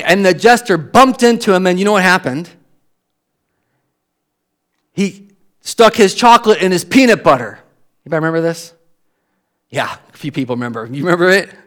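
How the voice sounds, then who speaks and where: A middle-aged American man with an American accent preaching a sermon as pastor, telling stories in an animated way and repeating words as he builds a point. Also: a little high.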